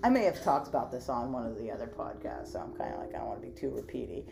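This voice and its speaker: A woman's voice: extremely low pitch, very animated, rapid-fire, gravelly, over music. A woman from western Pennsylvania, co-hosting a podcast and telling a rambling, profane story in casual chat. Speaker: podcast co-host.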